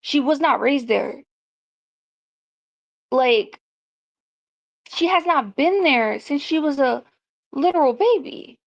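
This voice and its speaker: Woman vlogger, fed-up casual rant, raspy fry, dull lo-fi sound. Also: high-pitched, expressive, slow, pauses often. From South Carolina. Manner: blunt, profane, exasperated. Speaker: commentary vlogger. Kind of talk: casual ranting commentary. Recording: muffled lo-fi audio.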